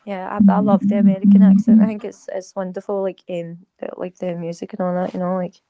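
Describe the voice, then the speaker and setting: A woman's voice: mid-range voice, completely flat delivery, fairly quick, no room sound, narrow, tinny audio. A woman chatting casually as a panel guest, full of "like" and "you know".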